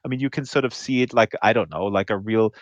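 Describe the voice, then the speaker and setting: A man hosting a casual interview who talks in a halting, stop-start way. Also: fairly low pitch, no echo, dull audio. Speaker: host.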